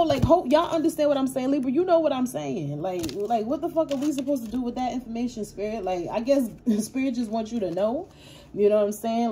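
In this casual tarot reading, a woman rambles warmly to her viewers, swearing and using street slang along the way. She has a mid-range, dark-toned voice, with a slight hiss or hum in the recording.

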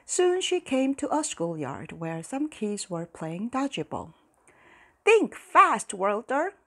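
Female storyteller, lively, breathy, slow bedtime read. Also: mid-range voice. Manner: slow, expressive.

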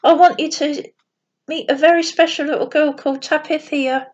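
A woman voicing a calm, solemn male angel who guides children in a bedtime story. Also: high voice, moderate pace, natural voice. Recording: dull lo-fi recording.

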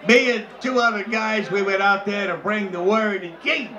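Boisterous high-pitched male comedian. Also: moderate pace, highs cut off. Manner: loud, boisterous, crude delivery with frequent shouts. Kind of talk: live stand-up storytelling. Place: bar. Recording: echoey bar with crowd noise.

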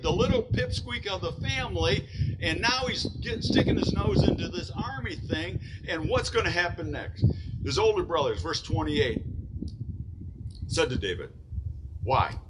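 A man's voice: sits high, lively intonation, normal speed, very noisy. A man preaching a sermon in a church, retelling a Bible story in casual everyday words. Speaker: pastor.

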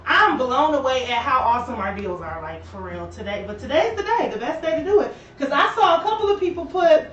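A young woman with a high, animated voice chats straight to her live viewers while showing off shoes. She sounds a little out of breath. The recording is dull and lo-fi, with her voice set back from the mic in an echoey room. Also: a little fast, few pauses, far from the mic, a little hiss or hum. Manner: chatty, animated, talks to viewers. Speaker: shoe store host. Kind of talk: casual live-stream sales chat. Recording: roomy and lo-fi, voice from off-mic.

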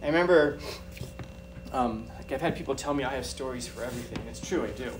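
A man giving a talk to an audience, telling animated personal stories with a chatty, repetitive manner. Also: mid-range voice, fast. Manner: animated, chatty, repeats phrases. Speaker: guest speaker. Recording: distant mic with background noise.

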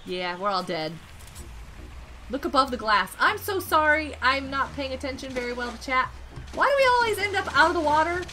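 A woman streaming a game, chatting casually and excitably, greeting and thanking her viewers. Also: sits high, moderate pace, a little hiss or hum. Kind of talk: casual live-stream chat while gaming.

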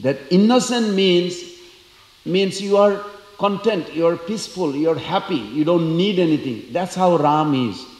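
A man giving a storytelling lecture at a temple, acting out the voices of the characters with lively energy. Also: sits high, unhurried. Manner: animated, acts out quoted characters. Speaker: temple speaker. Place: temple hall. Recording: echoey temple hall.

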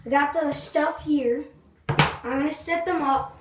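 A high-pitched woman talks to her viewers in a loose, chatty way, jittery and quick to get excited, now and then sinking into hushed tones. Her voice bounces off the hard walls of a small bathroom. A faint hiss sits under it. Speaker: vlogger. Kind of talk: casual video narration. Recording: echoey bathroom, faint noise.

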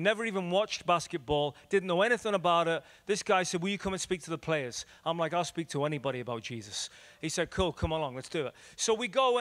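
A man with an Irish accent, an evangelist from Ireland, teaching and telling stories in an animated, repetitive preaching style that rises and drops in loudness. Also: high-pitched. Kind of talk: evangelistic teaching talk with storytelling. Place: church hall. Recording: long hall reverb.

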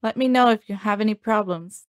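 A woman reading short practice sentences slowly and clearly for language learners. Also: medium pitch, no room sound, studio quality. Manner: clear, measured enunciation. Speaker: native-speaker model voice. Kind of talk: slow repeated phrase reading for learners.

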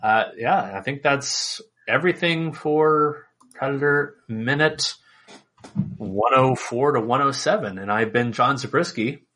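A man hosting a podcast, chatting in a relaxed, rambling way with plenty of fillers. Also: mid-range voice, measured pace. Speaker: podcast host. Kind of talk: casual chat.

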